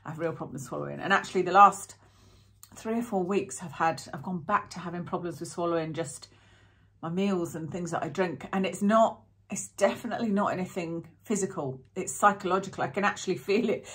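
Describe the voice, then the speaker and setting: Woman vlogger with a lowish voice, rambling and chatty while reviewing products. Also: fairly quick, a bit bright. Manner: rambling, self-interrupting, chatty. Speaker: beauty vlogger.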